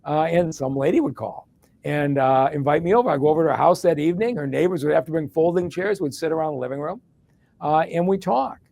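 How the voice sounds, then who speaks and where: A man's voice: a little high, fast talker, vocal fry, mellow. A middle-aged man from Detroit answering an interview question in a long, plain-spoken story. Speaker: guest, former hospital executive and mayor.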